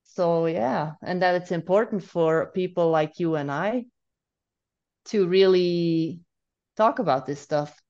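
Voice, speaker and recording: Calm low-voiced woman on muffled audio. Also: takes it slowly. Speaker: guest, spiritual mentor. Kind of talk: casual storytelling in conversation. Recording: dull, muffled remote audio.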